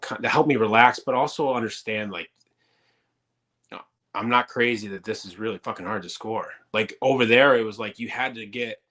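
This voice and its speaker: Low-voiced man telling hockey stories. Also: sharp tone. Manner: rambling and profane, many fillers. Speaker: guest, former pro hockey player. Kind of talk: casual storytelling interview.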